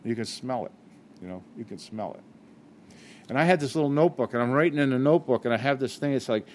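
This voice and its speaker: A man's voice: medium pitch, animated, fast, slight background noise. An older man giving a personal recovery talk at a meeting, candid and self-mocking, often restarting his sentences.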